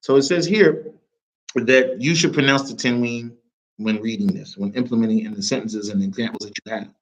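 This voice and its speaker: A man with an American accent teaching an Arabic lesson to a small class, lively and often checking that everyone follows. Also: mid-range voice, normal speed, poor audio. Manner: lively, mixes English with Arabic reading, checks understanding often.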